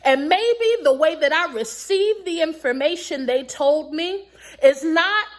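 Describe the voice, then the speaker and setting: A woman recapping a reality show and giving emphatic, preachy marriage advice, repeating her points slowly and laughing between them. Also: high-pitched, animated. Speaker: recap vlogger.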